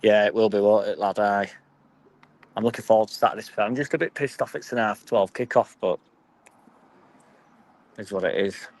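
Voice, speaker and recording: A man's voice: lowish voice, steady tone, normal speed, pauses often, low-quality recording. A young man with a Yorkshire accent chatting casually and swearing freely as he reads and answers his live stream chat. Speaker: football fan vlogger.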